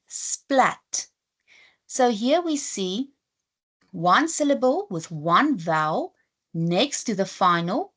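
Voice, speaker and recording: An English teacher with a South African accent gives a slow, deliberate, patient spelling lesson, spelling out letters one by one. Her mid-range voice has a fairly bright tone.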